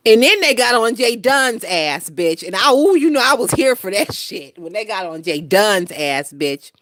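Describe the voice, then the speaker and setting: A woman's voice: medium pitch, big pitch swings, moderate pace, a bit bright, no room sound, clean studio sound. A woman in her twenties hosting a casual gossip livestream, brash and profane, reading out viewer comments and laughing often. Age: 20s. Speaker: gossip channel host.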